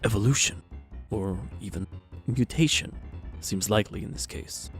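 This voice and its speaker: A man's voice: fairly low pitch, normal speed, faint music behind, natural voice. A man doing a stammering timid scientist. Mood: explaining. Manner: stammering, hesitant. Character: timid middle-aged male Japanese scientist.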